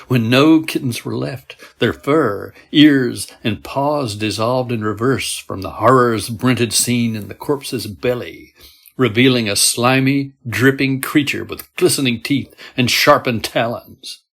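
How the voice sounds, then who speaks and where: A man reading a horror story aloud in a steady, measured storytelling manner. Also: medium pitch, creaky. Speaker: story narrator. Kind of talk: scripted horror narration.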